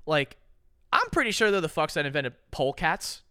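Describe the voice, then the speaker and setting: A man's voice: a little high, big pitch swings, moderate pace, sharp tone, clear, resonant tone. A young man hosting a podcast, chatting casually with loose, profane, joking banter. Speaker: podcast host. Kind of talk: casual reaction chat.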